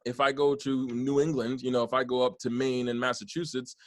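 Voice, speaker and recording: A man's voice: medium pitch, little pitch movement, a little fast, no room sound. Earnest man hosting a podcast, dry sound. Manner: earnest, rambling, many restarts. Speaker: podcast host. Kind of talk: casual podcast conversation.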